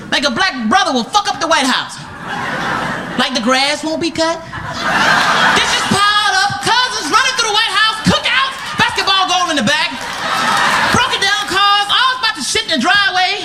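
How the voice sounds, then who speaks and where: A young man doing a stand-up comedy routine, loud and shouting his punchlines, from an archival club set. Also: extremely high pitch, animated, moderate pace, pauses often, very noisy. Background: laughing audience.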